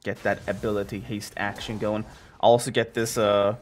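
A man's voice: fairly low pitch, flat delivery, moderate pace, slight background noise. A young man giving live commentary on his own gameplay, playful and jokey, talking to his chat. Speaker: gamer streaming his gameplay.

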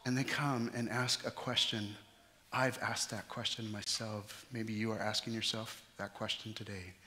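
A man preaching a sermon as pastor, lively, acting out the panicked disciples in quick voices. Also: lowish voice. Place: church sanctuary. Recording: church hall with long reverb.

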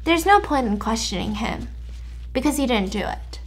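A woman voicing a stern, irritated female judge speaking in a hushed, scolding way. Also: fairly high pitch, lively intonation, moderate pace, breathy edge, low-quality recording.

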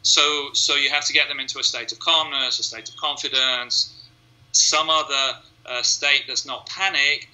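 Talking casually as an interview guest, the hypnotist goes through his method in steps and acts out his clients' internal voices. He has a mid-range, bright, forceful voice with fairly even intonation and a moderate pace, on a rough recording.

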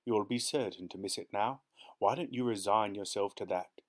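A smug, teasing old husband, as a male narrator puts him on speaks in a low, curt voice. He brushes things off coldly. It is a storybook reading. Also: normal speed, close to an everyday voice. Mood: curt, dismissive. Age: older. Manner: curt, dismissive.

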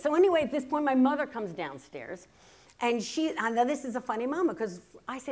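A woman in her fifties with a fairly high voice speaks from a workshop stage. Her delivery is chatty and self-deprecating, full of comic asides. At times she slows into earnest reflection. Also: big pitch swings, darkish tone. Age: 50s. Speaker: keynote speaker. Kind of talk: humorous storytelling speech. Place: stage at a writers' workshop, before a live audience.

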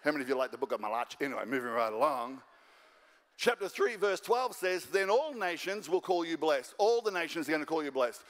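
A man's voice: fairly high pitch, brisk, fairly bright tone, long reverb tail. An Australian man preaching a sermon as a guest pastor, fired up and driving home his points over and over. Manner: fired-up, repetitive exhortation. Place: church auditorium.

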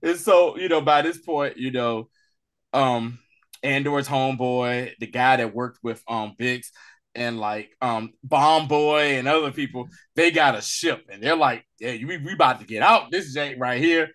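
A man co-hosting a casual recap podcast, animated and laughing as he acts out scenes in quick voices. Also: mid-range voice. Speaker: podcast co-host.

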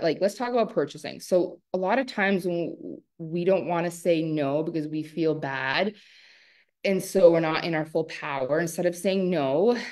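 A woman coach leads a live online masterclass with lively, emphatic delivery and frequent laughter. Her voice sits a little low for a woman, and she speaks straight to her audience. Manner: animated, emphatic, laughs often.

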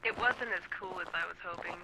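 A woman playing along as a guest co-player, chatty, excitable and quick to poke fun at herself. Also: fairly low pitch, gravelly, background noise. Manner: chatty, excitable, self-mocking. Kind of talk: casual gaming chat.

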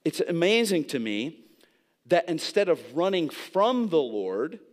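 A man's voice: a little high, sing-song, unhurried. A man preaching a sermon as pastor in a church, earnest and repeating key phrases for emphasis. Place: church sanctuary.

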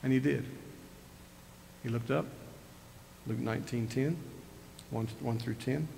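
A man's voice: medium pitch, unhurried, creaky, mellow, a little hiss or hum. An older man preaching a sermon as pastor, retelling scripture in a conversational way with rising emphasis. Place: church sanctuary. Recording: reverberant church hall with faint ambience.

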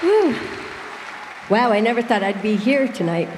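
A woman's voice: medium pitch, fairly quick, long reverb tail, crowd noise, noisy background. A middle-aged woman giving a heartfelt, emotional award acceptance speech in a large circus tent.

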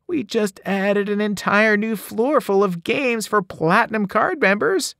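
A man putting on a smooth-talking casino bellhop who coaxes with a salesman's patter. The voice swoops up and down brightly, recorded dry and close. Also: high voice, animated, unhurried, no echo, voice pushed up, exaggerated voice. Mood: coaxing.

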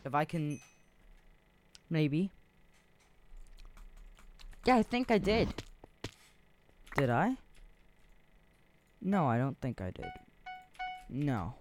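Slow, rambling gameplay commentator. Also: medium pitch, sing-song. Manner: rambling, thinking aloud with fillers. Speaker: gaming video creator.

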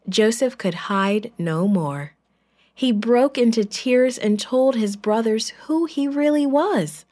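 Woman reading kids a bible story in church, real slow, lots of expression. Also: a little high, dark tone. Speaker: children's storyteller.

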